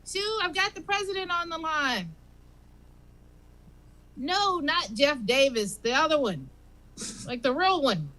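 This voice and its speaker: A woman's voice: sits high, very animated, slow, pauses often, sharp tone, pitched above the performer's own voice, full character voice, low-quality recording. Woman doing a flustered, stammering office clerk. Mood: fussy. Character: lazy folksy male office clerk.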